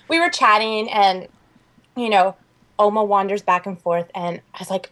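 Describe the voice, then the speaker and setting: A young woman co-hosting a podcast. She tells a story in an animated, chatty way and fills it with "like.". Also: medium pitch, unhurried. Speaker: podcast co-host. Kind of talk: casual chat.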